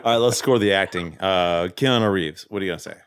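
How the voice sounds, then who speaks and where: A man hosting a casual chat in a brash, mock-pompous way. His voice is very deep, and it sounds dry and close, with little room sound. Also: brisk, clean tone, no echo.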